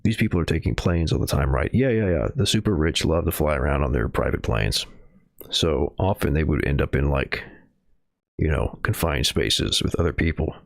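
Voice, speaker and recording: A man's voice: rumbling low, expressive, normal speed, creaky, dry recording, studio quality. A man streaming from home, reading news headlines and adding rambling, sarcastic asides. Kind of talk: casual livestream commentary.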